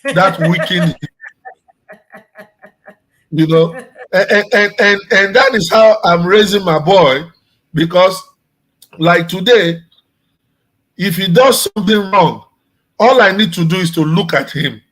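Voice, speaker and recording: Pastor guy telling a story, kinda high voice, says things twice. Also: measured pace, long pauses, a bit bright, low-quality recording. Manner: storytelling, repeating phrases. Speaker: guest, pastor. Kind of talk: casual discussion.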